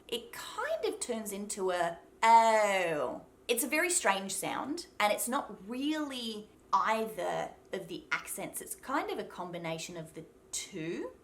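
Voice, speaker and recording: A young adult woman with an Australian accent, teaching an accent tutorial and slowly demonstrating vowel sounds. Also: medium pitch, fairly bright tone. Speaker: accent coach.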